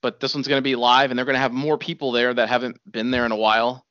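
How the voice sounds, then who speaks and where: A man's voice: mid-range voice, flat delivery, quick pace, bright, forceful tone, smooth, no room sound, muffled recording. Laid-back man in casual chat. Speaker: podcast co-host.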